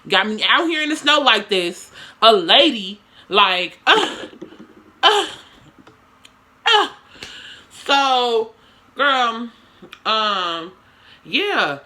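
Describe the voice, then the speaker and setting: Bright-voiced young woman telling a story. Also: on the high side, very animated, very slow, pauses often. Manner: slangy, swearing, dramatic retelling with lots of asides. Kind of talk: casual storytime chat.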